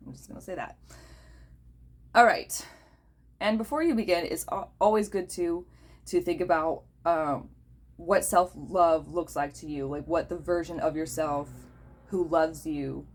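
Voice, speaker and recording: A woman hosting a casual talk, blunt and profane, who keeps checking in with the listener by asking "okay?". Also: on the low side. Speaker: host.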